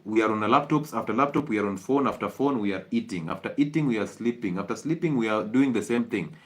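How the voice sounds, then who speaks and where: A man's voice: fairly low pitch, fast. A man with a Kenyan accent, a doctor giving an emphatic, rhetorical health talk that repeats its points for effect.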